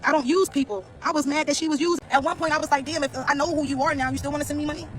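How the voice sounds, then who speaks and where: A man's voice: very high voice, steady tone, racing, a bit bright, poor audio. A man telling a casual storytime rant to his viewers, blunt, profane and slangy, repeating phrases as he talks. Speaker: vlogger.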